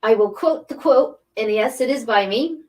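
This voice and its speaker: A woman's voice: fairly high pitch, normal speed. A middle-aged woman, a spiritual coach, talking casually and emphatically, wandering between thoughts and repeating phrases for emphasis. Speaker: spiritual coach and angel card reader. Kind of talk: casual inspirational talk. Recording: voice a bit distant from the mic.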